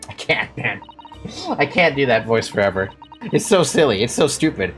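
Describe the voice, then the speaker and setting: Exasperated let's-play host; animated pitch, soft music bed. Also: normal speed. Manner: swears freely, exasperated asides. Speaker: streamer. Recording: faint game music behind.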